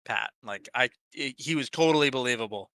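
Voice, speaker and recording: A man with a bright, mid-pitched voice chatting on a hobby stream. He rambles casually, fills gaps with "um" and "like", and stops to hunt for names mid-sentence. The recording is dry and close-miked. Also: brisk, no echo. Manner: rambling, many fillers, blanks on names. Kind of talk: casual chat.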